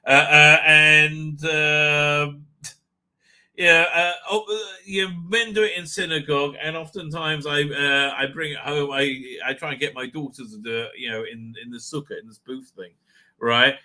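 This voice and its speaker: Middle-aged male stream host, higher-pitched, very sharp tone, rambling and profane. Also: a little slow. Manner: laughs often. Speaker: livestream host. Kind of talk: casual live chat.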